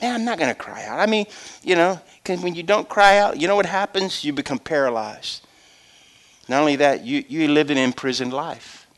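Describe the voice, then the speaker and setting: A middle-aged man from preaching, his voice bright and ringing and pitched a touch high. He acts out other people's voices, drops to hushed asides, then climbs to full shouts. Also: normal speed. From Louisiana. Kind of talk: sermon.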